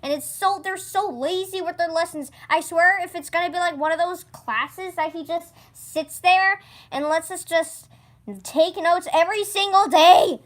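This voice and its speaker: A teenage girl ranting casually about a teacher, exasperated and sarcastic. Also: a little slow. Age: teens. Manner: exasperated, sarcastic, mimics others in low mocking voices. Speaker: student ranting.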